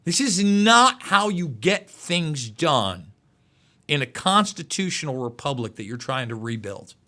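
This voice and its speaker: An emotional male host talks through live news commentary, tripping over his words and repeating himself. His voice sits high and swings widely in pitch, with a bright, forceful edge. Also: sing-song, a little slow.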